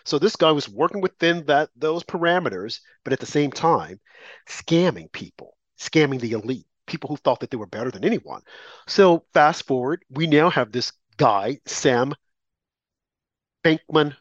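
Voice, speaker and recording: A man's voice: fairly high pitch, normal speed, no echo, highs cut off. A man co-hosting a talk radio show, giving opinionated political commentary in a rambling way with restarts. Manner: rambling, restarts, animated rants.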